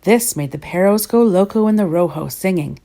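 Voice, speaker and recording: A woman reading a children's picture book aloud, giving the characters lively voices. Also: normal speed. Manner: lively, voices the characters with big pitch jumps. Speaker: storybook reader.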